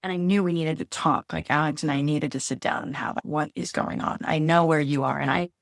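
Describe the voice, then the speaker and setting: A woman's voice: low-pitched, fairly even intonation, a little fast, no echo, clean studio sound. A woman co-hosting a podcast in casual, heartfelt chat, talking candidly and openly emotional, often searching for words. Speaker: podcast co-host.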